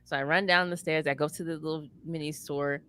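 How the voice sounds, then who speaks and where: A woman telling a story in casual chat, animated and laughing often as she acts out the voices of the people she quotes. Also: deep voice, brisk, clean tone, no echo. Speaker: former campus advisor.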